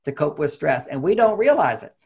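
Older guy with a kinda high gravelly voice, acting out lines as he explains stuff. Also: brisk, soft background music. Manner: animated, acts out quoted dialogue. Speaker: relationship author guest. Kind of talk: casual interview talk.

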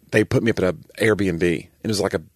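A middle-aged man chatting casually as a podcast co-host, telling stories with quick asides. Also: deep voice, no room sound, clean studio sound. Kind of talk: casual chat.

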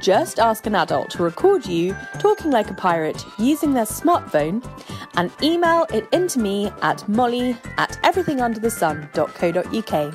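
A woman hosting a podcast for children, reading a script in a bright, expressive way. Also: mid-range voice, moderate pace, over music. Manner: bright, lively, expressive delivery.

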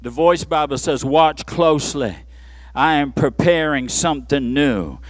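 Pastor, man, high voice, dry close sound; dynamic sermon delivery from murmurs to shouts. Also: measured pace, no room sound. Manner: swings from low murmurs to shouted peaks, playful asides. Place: church.

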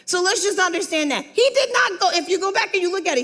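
A woman's voice: extremely high pitch, big pitch swings, fast talker, few pauses, a bit bright. A woman preacher giving a sermon, telling a story and asking the audience to repeat words after her. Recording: echoey hall with long reverb.

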